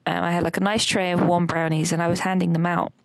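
A woman's voice: fairly low pitch, little pitch movement, fast, no echo. A woman co-hosting a podcast, telling a rambling dream story with lots of fillers and laughter. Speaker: podcast co-host recounting a dream. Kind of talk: casual chat.

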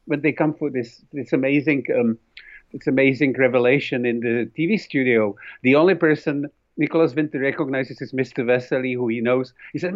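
A man's voice: medium pitch, a little fast. A man with a foreign accent, an author in an interview, telling anecdotes animatedly with many restarts. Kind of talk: conversational interview. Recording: dull lo-fi recording.

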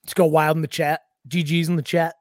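A man co-hosting a podcast in casual chat, animated and swearing, full of fillers and silly voices. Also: fairly high pitch, fairly quick, dry recording, studio quality. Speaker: podcast co-host.

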